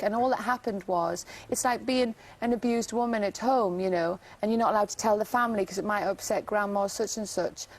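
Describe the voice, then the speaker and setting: A woman giving an insistent, emotional TV interview, talking fast with many fillers. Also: medium pitch, darkish tone, low-quality recording. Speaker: interview guest.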